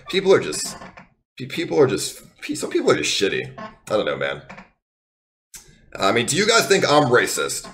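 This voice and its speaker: A man's voice: mid-range voice, fairly bright tone, slight background noise. A young man streaming live, ranting to his viewers in a heated, defensive way, swearing a lot and rambling with many restarts. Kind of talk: unscripted rant to viewers.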